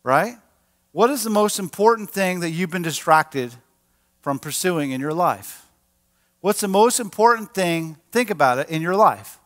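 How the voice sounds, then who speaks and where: A man, a pastor, preaching a sermon in a lively, animated way and acting out quoted voices. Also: high-pitched, a little slow. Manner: animated, acts out quotes with a raised voice. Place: church sanctuary. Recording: large church hall with long reverb.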